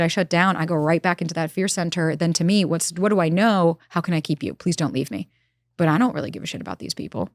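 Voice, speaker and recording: A woman speaking as a relationship expert in a candid interview, telling stories quickly and swearing casually. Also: deep voice, no echo, studio quality. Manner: fast, animated storytelling with casual swearing. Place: Los Angeles.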